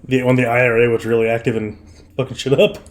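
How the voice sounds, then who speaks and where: A man's voice: mid-range voice, flat delivery, fast. A man chatting with a friend during a game, joking around playfully and laughing easily. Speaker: co-player. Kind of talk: casual chat while gaming.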